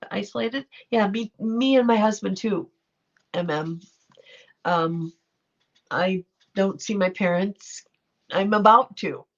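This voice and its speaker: A middle-aged woman hosting a livestream, chatting casually and affectionately as she reacts to viewer comments. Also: mid-range voice. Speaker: livestream host reading chat. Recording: dull lo-fi livestream audio.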